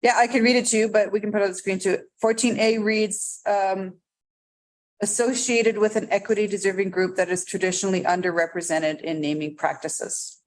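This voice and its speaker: A woman mayor chairing a council meeting in the chamber, keeping things moving in a brisk, procedural way. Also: medium pitch, steady tone, low-quality recording.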